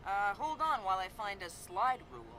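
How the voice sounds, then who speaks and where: A woman's voice: medium pitch, animated, fairly quick, sharp tone, slight background noise. A woman playing a technical mission specialist giving matter-of-fact instructions in a video game. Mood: brisk. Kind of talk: video game radio dialogue.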